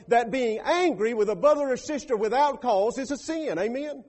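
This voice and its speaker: A pastor delivering a sermon with emphatic, rising bursts of preaching. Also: male voice, extremely high pitch, normal speed, a little mellow.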